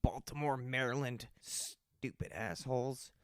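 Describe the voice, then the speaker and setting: A man's voice: medium pitch, measured pace, clear, resonant tone, no room sound, clean studio sound. Rambling, profane storytelling man. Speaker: podcast host. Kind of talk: personal storytelling podcast.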